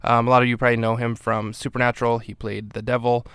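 A male podcast host talks through a TV episode in a relaxed, rambling way, full of ums and uhs. His voice is smooth and clear, recorded dry and close with no room sound. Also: mid-range voice, fast talker, dry recording. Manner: relaxed, rambling with many fillers. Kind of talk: casual episode recap.

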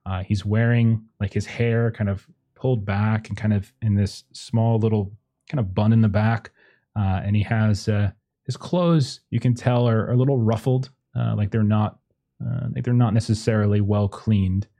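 A man's voice: fairly low pitch, steady tone, normal speed, dark tone. A man narrating a tabletop horror game as game master, describing scenes loosely with many fillers.

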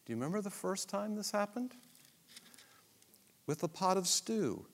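A man's voice: high voice, expressive, normal speed, in a large hall. A male Bible teacher reading scripture and adding commentary in a dramatic, storytelling way.

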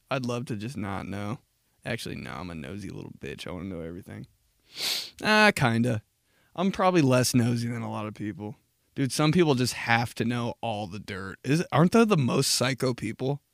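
A medium-pitched, sing-song male voice with vocal fry moves briskly in a studio-quality recording with no room sound. He's a podcast host in his twenties riffing through a casual comic monologue, swearing freely, laughing at his own jokes and mimicking people mockingly.

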